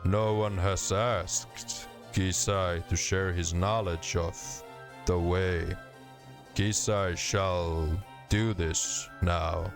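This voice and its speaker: A man voicing a stern, ponderous stone-like warrior monk who speaks very slowly and refers to himself by name. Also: low voice, fairly even intonation, soft background music, full character voice. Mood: solemn.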